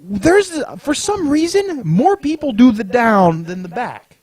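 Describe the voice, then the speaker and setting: A man's voice: extremely high pitch, big pitch swings, slow, a little mellow, no room sound. A young man hosting a podcast, telling a story in casual chat, swearing a lot and laughing as he goes. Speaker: podcast host.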